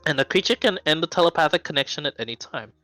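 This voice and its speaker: A man acting as game master, narrating a tabletop game casually with quick asides. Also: a little high, expressive, bright, forceful tone, no echo, soft background music.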